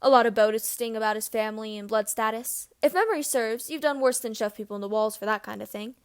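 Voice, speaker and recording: A woman's voice: on the high side, fast talker, clean tone, close to an everyday voice. A woman reading as a sneering teenage wizard. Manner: sneering, mocking. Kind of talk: amateur audiobook reading.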